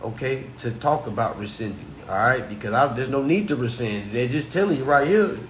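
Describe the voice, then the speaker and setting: A man in his thirties, working as a consumer finance commentator, delivers animated solo commentary in a mid-range, expressive, brisk voice. His talk on contracts is blunt and mocking, and he slips into voices to act out imagined phone calls. The room is echoey, with a little hiss or hum.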